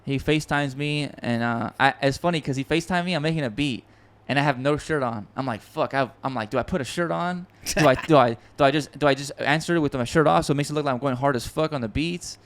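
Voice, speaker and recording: Male podcast host, smooth clear voice, mid pitch; excitable casual storyteller, lots of restarts. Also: fast talker, hardly any pauses. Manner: excitable, rambling, swears often, many restarts. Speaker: podcast host and music producer.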